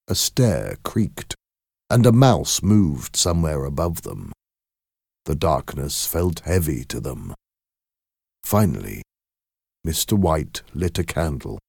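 A man narrating a scripted story in a measured, expressive way. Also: low voice, creaky, no echo, clean studio sound.

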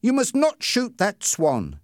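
A man voicing a small, gentle boy who grows angry and pleads, pitched well above his own voice. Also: wildly swooping pitch, slow pace, no echo, clean studio sound, heavily acted. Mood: angry pleading. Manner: desperate, defiant.

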